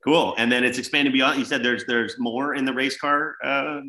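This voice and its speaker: A man interviewing a guest, asking halting questions with many fillers. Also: medium pitch, steady tone, pushed and bright, echoey room. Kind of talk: casual interview.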